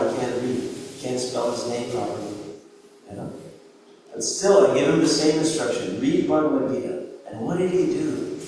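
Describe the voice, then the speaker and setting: A man's voice: mid-range voice, a little mellow, a little hiss or hum. A man giving a sermon, telling a story and asking the audience rhetorical questions. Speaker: preacher. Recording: echoey hall, voice far from mic.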